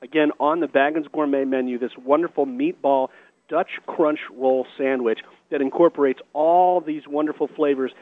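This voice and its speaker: A man's voice: a little high, steady tone, moderate pace. A man hosting a live radio show from inside a restaurant, chatting eagerly and describing food in effusive detail. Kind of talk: live on-location radio chat. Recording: narrow phone-like radio broadcast.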